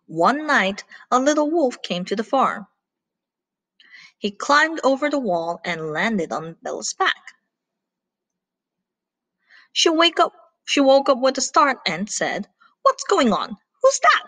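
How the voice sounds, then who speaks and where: A woman reading a children's story aloud in an animated way, pausing to ask her listeners questions. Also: on the high side, dry recording.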